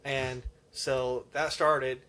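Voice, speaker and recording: A man's voice: mid-range voice, level tone, extremely slow, fairly bright tone, clear, resonant tone. A man co-hosting a podcast, rambling through a personal story in casual chat and laughing easily at himself. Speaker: podcast co-host.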